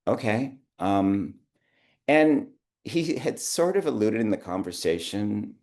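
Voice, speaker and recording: Middle-aged male interview guest with a low voice, telling anecdotes and voicing the people in them. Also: expressive, slow, darkish tone. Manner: rambling anecdotes with quoted dialogue and laughs. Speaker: guest, theater producer. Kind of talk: conversational interview storytelling.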